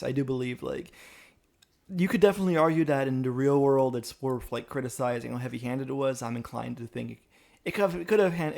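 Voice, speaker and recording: Gravelly man making a reasoned case. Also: mid-range voice, darkish tone. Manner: analytical, argues points at length with many "like" fillers. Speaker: podcast co-host. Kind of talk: casual chat.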